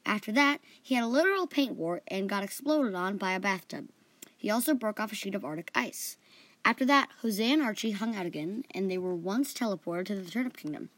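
A woman's voice: mid-range voice, no room sound. A woman hosting a story podcast, narrating in first person with playful asides.

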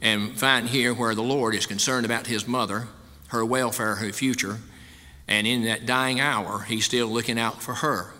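Folksy preaching man with bright tone. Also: medium pitch, steady tone, normal speed. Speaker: pastor. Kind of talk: sermon. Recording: long hall reverb.

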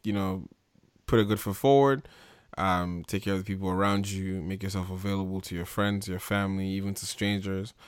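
A man's voice: low-pitched, steady tone, brisk, clean tone, no room sound. A man hosting a casual chat show, signing off with teasing banter. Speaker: host.

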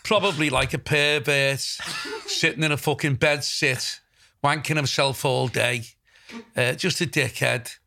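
A man's voice: medium pitch, steady tone, a little slow, creaky, sharp tone. An older man with a Liverpool accent, hosting a podcast in casual chat, blunt, sweary and rambling. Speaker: podcast host.

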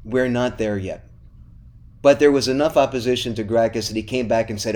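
A man in the host's chair of a casual history podcast, walking through events with animated, storytelling energy. He speaks at a middle pitch and keeps the tone playful and conversational. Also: a little fast. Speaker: podcast host.

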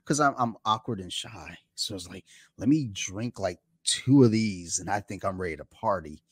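Through a home podcast mic, a man with a low, expressive, slightly rough voice hosts a casual podcast chat at a moderate pace, telling laid-back, wandering stories full of fillers. The recording is dry.

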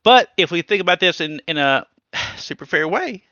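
A man co-hosting a podcast in casual chat, animated and swearing, with many restarts. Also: high voice, moderate pace, no room sound, lo-fi sound. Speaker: podcast co-host.

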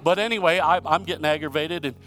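Man, pastor from Michigan, sermon, emphatic storytelling, rhetorical questions, loud-to-hushed swings, slightly high voice. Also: quick pace, faint music behind. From Michigan, USA.

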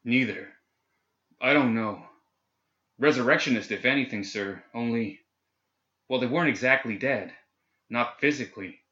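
A man's voice: medium pitch, normal speed, long pauses, pushed and bright, close to an everyday voice. A man doing a jittery frightened guard. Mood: nervous, urgent. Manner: nervous, breathless and hesitant. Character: nervous, frightened young male guard. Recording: echoey, slightly dull recording.

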